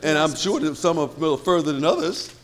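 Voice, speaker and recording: Pastor, male, lively swinging delivery, preaching sermon with rhetorical questions. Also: a little high, fast talker.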